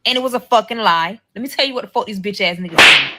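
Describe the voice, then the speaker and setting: A woman's voice: medium pitch, lively intonation, quick pace, very noisy. A woman telling a personal story in a casual, profane way, acting out each quoted line with animation.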